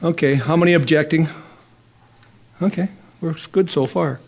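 A man's voice: fairly high pitch, normal speed, creaky, darkish tone, slight background noise. A male pastor preaching a sermon in church on a corded mic, fervent and coaxing the congregation to answer back. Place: church sanctuary. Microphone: corded handheld mic.

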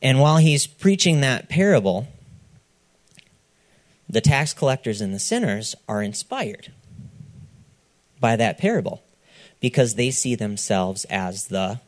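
A man preaching a sermon, retelling a parable with lively delivery, acting out the characters' lines and checking in with his listeners. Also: on the low side, takes it slowly, long pauses. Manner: checks in with the audience, "okay?". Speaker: pastor.

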